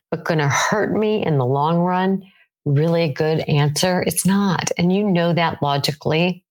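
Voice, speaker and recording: Low-voiced woman coaching earnestly. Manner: earnest, asks herself questions aloud. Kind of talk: motivational teaching talk.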